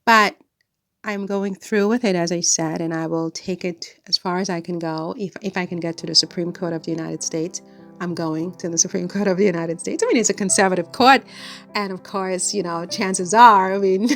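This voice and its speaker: A woman's voice: on the low side, normal speed, a bit bright, faint music behind. A woman chatting to camera in a rambling vlog, laughing often between thoughts. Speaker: vlogger. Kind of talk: casual chat to camera. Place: home in France.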